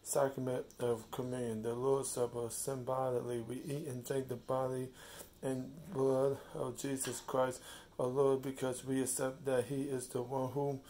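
A man reading a devotional slowly, stopping and restarting often, then talking fondly to his cat at home. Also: medium pitch, flat delivery, slight background noise. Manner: slow, halting reading with restarts; fond, soft talk to his cat.

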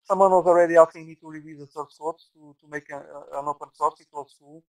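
Speaking at a quick pace, a Portuguese developer, Portuguese his native tongue, gives a casual, rambling software walkthrough full of repeated words and restarts. His slightly high voice is a little mellow, with fairly even intonation. The bad microphone picks up no echo.

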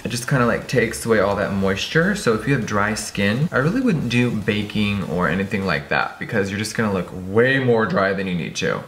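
A young man with a Californian accent, chatting through a makeup tutorial in a campy, animated way with playful asides. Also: lowish voice, roomy sound, a little hiss or hum. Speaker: beauty vlogger.

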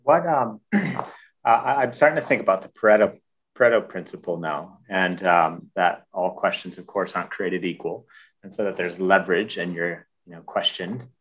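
A male podcast host asks his guests questions in a halting way and often restarts them. His voice sits a little low. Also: fairly bright tone, husky. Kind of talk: interview questions.

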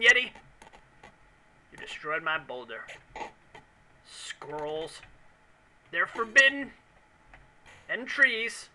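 Bright slow-talking man ranting jokily over a game. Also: high-pitched, slight background noise, poor audio. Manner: rambling, mock-angry, jokey rants. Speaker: let's play commentator. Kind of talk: casual game commentary.

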